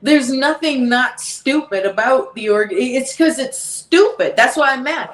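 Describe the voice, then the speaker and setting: A woman's voice: high-pitched, lively intonation, a little slow, few pauses. A woman hosting a podcast, talking casually in an exasperated way, laughing and repeating herself. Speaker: podcast host. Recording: echoey room.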